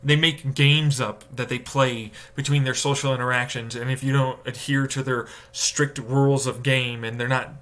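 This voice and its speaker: A man live-streaming a casual rant, swearing and exasperated, mocking others with sudden high-pitched outbursts. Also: steady tone, normal speed, few pauses, fairly bright tone.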